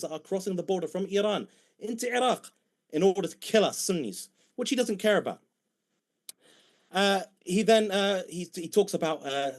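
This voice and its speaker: A man's voice: high voice, darkish tone. A man with a British accent debating heatedly, mocking and combative toward his opponent.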